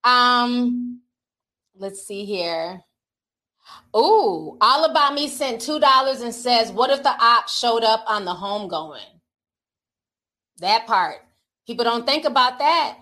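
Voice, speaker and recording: A middle-aged woman from the Midwest hosting a casual livestream, reading super chats in a playful, slangy, animated way and laughing often. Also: on the high side, slow, long pauses. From Minnesota.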